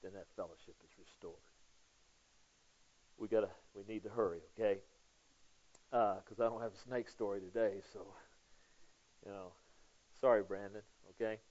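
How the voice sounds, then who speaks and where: A man preaching a sermon in a conversational way, often checking in with the congregation and swinging between loud emphasis and hushed, prayerful asides. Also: fairly low pitch, fairly even intonation, moderate pace, pauses often, highs cut off. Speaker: pastor.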